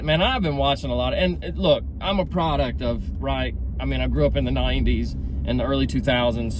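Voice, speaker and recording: A man in his thirties rambling and joking as he drives, laughing at his own jokes. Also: medium pitch. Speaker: vlogger. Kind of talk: casual rambling vlog while driving. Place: inside a car in traffic. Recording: road and traffic noise.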